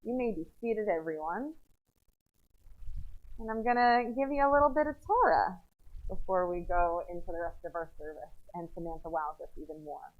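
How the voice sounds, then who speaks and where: A woman's voice: lowish voice, moderate pace, phone-quality sound. A woman rabbi giving a chatty, playful sermon to her congregation in a synagogue, often breaking off mid-sentence. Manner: chatty, playful, self-interrupting. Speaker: rabbi leading services. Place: synagogue sanctuary.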